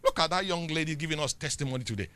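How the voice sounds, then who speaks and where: A middle-aged Nigerian man preaching a sermon, swinging between loud declarations and quiet asides. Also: a little high, expressive, racing, clean tone, no room sound.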